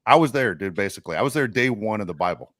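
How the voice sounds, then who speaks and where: A man's voice: on the low side, expressive, quick pace, fairly bright tone, no echo, clean studio sound. An older man co-hosting a podcast, telling rambling, self-mocking jokes in casual chat. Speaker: podcast co-host.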